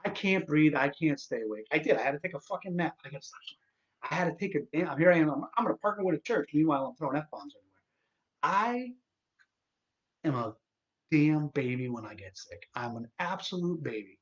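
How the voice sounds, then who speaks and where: A man's voice: a little high, lively intonation, fairly quick, dull audio. A man hosting his own live stream, sick and tired, ranting with exasperation and lots of swearing and false starts. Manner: exasperated, profane ranting with many restarts.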